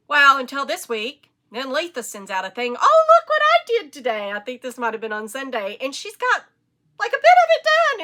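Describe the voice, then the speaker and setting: A woman's voice: fairly high pitch, pushed and bright. A woman with a Southern US accent hosting a knitting podcast, chatting casually and rambling with enthusiasm. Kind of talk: casual chat.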